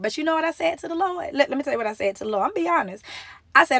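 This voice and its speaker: Earnest high-voiced woman preaching. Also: expressive, fast, vocal fry, pushed and bright, dry recording. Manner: earnest, preachy, emphatic, with rhetorical questions. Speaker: podcast host. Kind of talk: motivational faith talk.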